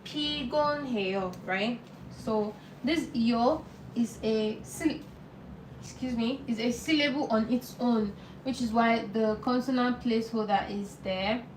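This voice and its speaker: A woman teaching a live online beginner lesson, patient and repeating words slowly for learners. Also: a little high, a little mellow, roomy sound, recorded from a distance, slight background noise, poor audio. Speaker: language teacher.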